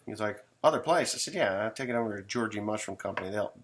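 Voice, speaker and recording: A man's voice: lowish voice, expressive, fast, a little hiss or hum. A middle-aged man, a farmer, telling a rambling, folksy story in casual talk, swearing now and then.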